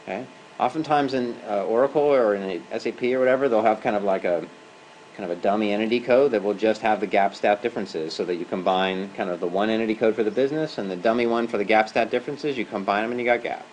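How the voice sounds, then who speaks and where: A man's voice: lowish voice, fast talker, a little hiss or hum, poor audio. A man giving a university lecture in a classroom as an adjunct professor. He talks conversationally and keeps checking in with "right?" and "okay?".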